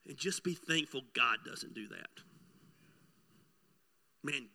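A middle-aged man, preaching a sermon and telling a personal story, swinging between loud bursts and hushed asides. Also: medium pitch, expressive, takes it slowly. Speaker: pastor.

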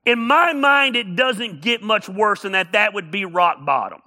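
High, bright-voiced preacher man. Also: a little slow. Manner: animated storytelling preacher, humorous, builds to shouting. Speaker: pastor. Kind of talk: sermon.

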